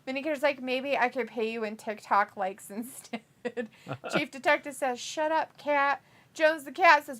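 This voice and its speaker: Bright-voiced woman reading chat aloud. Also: sits high, steady tone. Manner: reads chat messages aloud with quick laughs. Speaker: watch-along stream host reading chat. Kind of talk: casual live-stream chat.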